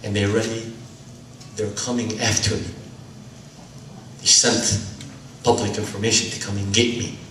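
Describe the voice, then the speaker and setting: A preacher voices a tired man on the run, speaking low and quietly. The sound is distant and roomy, with faint noise underneath. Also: level tone, moderate pace, pauses often. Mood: despairing. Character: weary hunted male messenger, abandoned and quiet.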